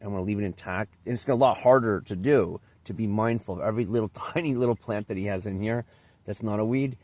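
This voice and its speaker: A man's voice: on the low side, brisk, a little mellow, dry recording. A man telling a personal anecdote in a casual, rambling way, often restarting and trailing off. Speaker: vlogger.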